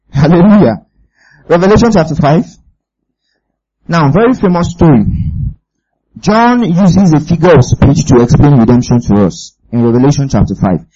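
Husky-voiced male preacher, emphatic. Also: on the high side, big pitch swings, normal speed, warm tone, lo-fi sound. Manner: emphatic, keeps asking the audience if they follow. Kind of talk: sermon.

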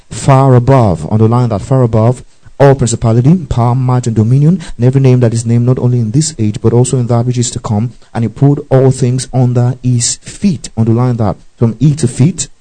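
Guy preaching a bible study sermon, warm mellow voice, reads verses then stops to explain, keeps asking if you follow. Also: mid-range voice, rough recording. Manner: checks in with listeners often and tells them what to underline; reads scripture aloud and breaks in to explain it. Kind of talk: expository Bible-teaching sermon.

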